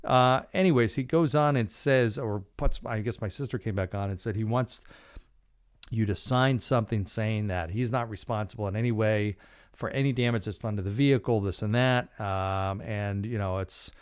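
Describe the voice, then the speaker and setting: A man's voice: on the low side, moderate pace, clean tone. Middle-aged man rambling through a story. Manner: rambling, with frequent fillers and restarts. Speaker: podcast host. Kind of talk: casual storytelling monologue.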